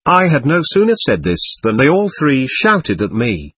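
Husky, lively male audiobook narrator. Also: mid-range voice, a little slow, no echo. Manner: earnest, expressive first-person reading. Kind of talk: audiobook narration of a classic novel.

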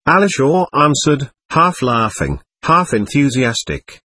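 A man narrating a novel in a measured, expressive reading. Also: mid-range voice, slightly rough, dry recording. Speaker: audiobook narrator.

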